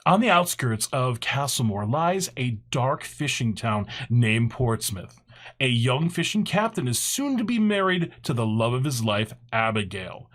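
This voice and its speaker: A man hosting a podcast, chatting casually. His voice sits in a middle register, and he keeps the talk jokey, upbeat and quick. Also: mid-range voice, sing-song, a bit bright. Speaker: podcast host. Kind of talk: casual chat.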